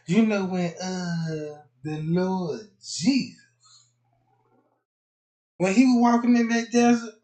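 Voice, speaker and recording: Man playing a slick scheming preacher, persuasive, climbs up high, stand-up bit. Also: slow pace, pauses often, warm tone. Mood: coaxing. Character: smooth-talking middle-aged male preacher, scheming.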